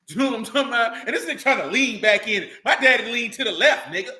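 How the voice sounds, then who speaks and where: In roomy, echoing audio, a religious group speaker talks casually and off the cuff, swearing a lot, speaking bluntly, and frequently asking "you know what I'm saying." His voice sits high and sounds sharp, and he talks fast with few pauses.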